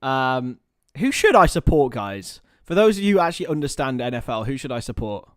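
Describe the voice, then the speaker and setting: A man's voice: medium pitch, very animated, a little fast, smooth, dry recording. A young man chats loosely on a live stream, joking about himself and answering viewer comments. His voice sits in a middle register. It is recorded dry and close on a computer mic at home. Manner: chatty, rambling, self-mocking, reads chat aloud. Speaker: livestream host. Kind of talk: casual live-stream chat. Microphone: webcam or computer mic.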